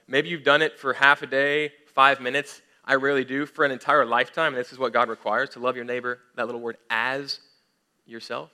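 A man's voice: medium pitch, little pitch movement, brisk, pushed and bright. A young man giving an earnest, emphatic sermon as a pastor, often restarting his sentences.

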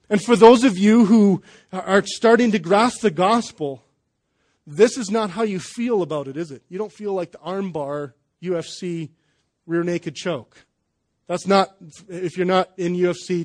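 High-voiced male pastor, chatty sermon. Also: darkish tone. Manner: conversational, joking, with fillers and restarts. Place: church service.

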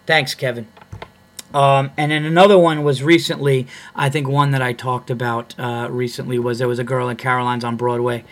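A man's voice: medium pitch, level tone, normal speed, a bit bright. A man who is a comedian and podcast host, telling a story in a blunt, profane, heated way. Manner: blunt and profane, heated when retelling a fight.

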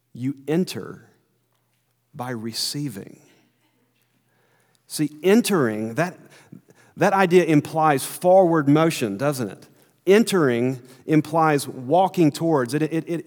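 A man's voice: medium pitch, a little mellow. An earnest male pastor preaches a sermon, building emphasis and repeating words as he presses a point. His voice sits in the middle range. A long reverb rings through the church sanctuary.

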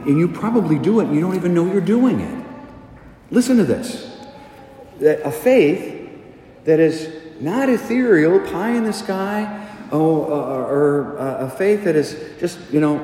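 A middle-aged man and pastor preaching a sermon, conversational and animated, asking the congregation questions. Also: fairly high pitch, a little slow, a little hiss or hum. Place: church. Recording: echoey church, long reverb, faint ambience.

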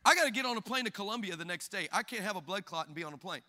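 A man preaching a sermon, telling a funny story in an animated, jokey way and acting out the people in it. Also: sits high, racing. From Hispanic background. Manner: animated, jokey, acts out quoted people with big shifts in loudness. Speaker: pastor.

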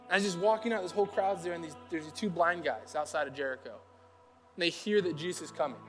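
Young male pastor with a high voice, chatty sermon, animated asides. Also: quick pace, soft background music. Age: young adult. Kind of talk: casual conversational sermon.

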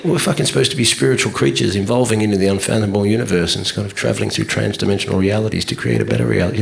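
Man, stand-up comedian, profane rant, gravelly voice, noisy live recording. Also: fairly low pitch, very fast, few pauses. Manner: profane, ranting, exasperated. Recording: live club recording with background noise. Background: audience laughter.

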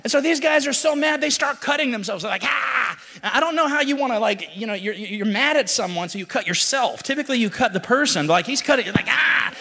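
A man preaching in a loose, animated storytelling style. His voice sits high. A long hall reverb follows his words around the room. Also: fast talker, few pauses. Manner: casual, animated storytelling with slang. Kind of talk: sermon.

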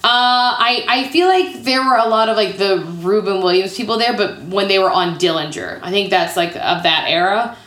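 A woman's voice: mid-range voice, moderate pace, few pauses, a bit bright. Chatty woman guest with a roomy echo. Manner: chatty, peppered with "like". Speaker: podcast guest, improv comedian. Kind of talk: casual storytelling interview.

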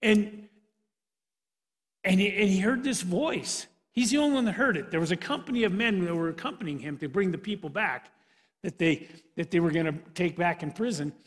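A male preacher with a notably high voice tells the story with animated energy. He often restarts his sentences. The sound has a long reverb from the church hall. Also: normal speed. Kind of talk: sermon.

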